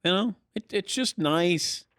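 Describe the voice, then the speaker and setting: Talk show host, male, upbeat, higher voice, dry close mic. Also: measured pace, dry recording. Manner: upbeat, animated, laughs often. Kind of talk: casual studio banter. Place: radio studio.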